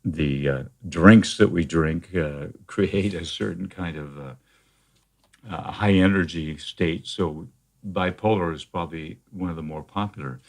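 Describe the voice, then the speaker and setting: Male therapist guest, very low voice, measured explainer, lots of "uh" and restarts. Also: a little mellow. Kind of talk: conversational interview.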